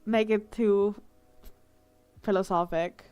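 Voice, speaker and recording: A young adult woman livestreaming her drawing, talking in a heartfelt, emotional way with many pauses and fillers. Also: medium pitch, fairly even intonation, darkish tone, clear, resonant tone. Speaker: art streamer. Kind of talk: casual live-stream chat while drawing.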